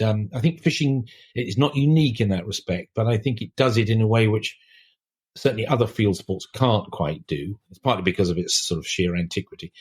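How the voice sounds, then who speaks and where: A man's voice: lowish voice, a little mellow, slightly rough. An older man, a writer guest on a podcast, talking in a reflective, discursive way with many restarts. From England. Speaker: author guest.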